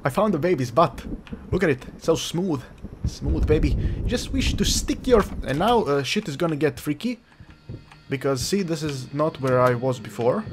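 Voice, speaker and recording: A man's voice: on the high side, animated, moderate pace, noisy background. A man giving casual, jokey commentary while playing a horror game, rambling and talking back at the game. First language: Croatian. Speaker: let's play gamer. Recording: game music behind.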